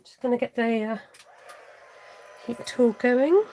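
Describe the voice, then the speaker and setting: A woman's voice: fairly high pitch, slow pace, warm tone, slight background noise. A woman hosting a live card-making tutorial, chatting to viewers and muttering half-whispered asides to herself as she works. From United Kingdom. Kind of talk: live-streamed craft tutorial.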